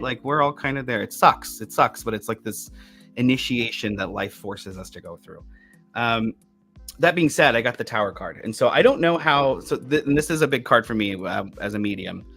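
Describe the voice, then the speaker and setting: A man's voice: on the low side, fairly bright tone. Rambling man reading tarot cards. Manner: rambling, with many restarts and fillers. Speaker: medium giving a tarot reading. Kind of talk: casual podcast chat, storytelling.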